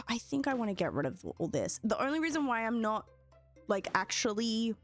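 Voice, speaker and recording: Young woman streaming, talks to chat nonstop, voice jumps all over, soft music under it. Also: fairly high pitch. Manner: chatty, excitable, talks to her viewers. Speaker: game streamer. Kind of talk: casual live-stream commentary.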